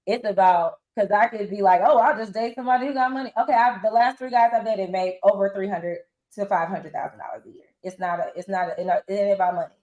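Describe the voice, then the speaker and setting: A woman's voice: medium pitch, fast talker, few pauses, dull audio. Woman in her forties, blunt and informal, slangy storytelling, echoey room. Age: 40s. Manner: animated, acts out others' lines in quotes. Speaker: reality show cast member, guest. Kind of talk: candid interview storytelling.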